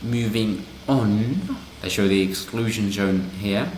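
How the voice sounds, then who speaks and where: A man's voice: lowish voice, takes it slowly, darkish tone, slight background noise. A man doing casual commentary on a news story, sarcastic and rambling with asides. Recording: roomy echo.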